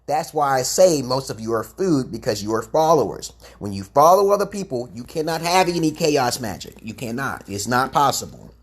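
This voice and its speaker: A man's voice: mid-range voice, very animated, normal speed, hardly any pauses, slightly rough. Man, livestream monologue, preachy, profane, greets his chat, webcam mic. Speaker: livestream host giving self-styled advice.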